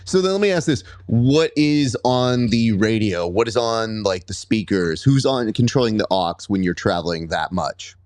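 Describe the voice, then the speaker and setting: Casting note: man, podcast host, lowish voice, playful storyteller, dry close mic. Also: normal speed, few pauses, darkish tone, no echo. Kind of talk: casual interview chat.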